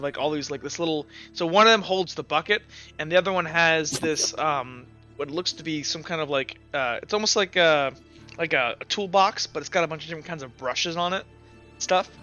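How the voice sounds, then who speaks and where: Bright-voiced man running a tabletop game. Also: a little high, muffled recording. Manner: rambling, lots of fillers and swearing. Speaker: game master.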